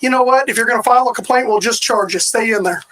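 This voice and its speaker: A police officer yelling and giving orders in an agitated argument outdoors, recorded on his body camera. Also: very high voice, quick pace, a little hiss or hum. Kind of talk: heated roadside argument.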